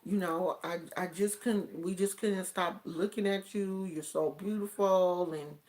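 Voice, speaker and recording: A timid, well-mannered teenage girl asks her questions quietly, as a woman storyteller quotes her. The delivery is soft, polite and unhurried, with a slightly low voice. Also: fairly even intonation, close to an everyday voice.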